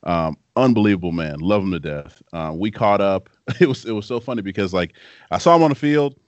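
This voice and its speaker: A man co-hosting a podcast in casual chat, telling animated stories and laughing often. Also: low-pitched, brisk, no echo. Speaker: podcast co-host, former football player. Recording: dry, dull lo-fi sound.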